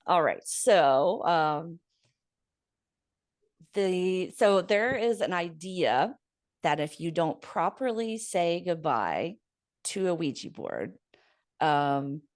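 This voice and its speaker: A woman from Florida hosting a relaxed podcast interview, easygoing and laughing often. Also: low voice, no room sound, clean studio sound. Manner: relaxed, laughs easily, many fillers. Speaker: podcast host. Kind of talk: casual interview. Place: lives in Southern California.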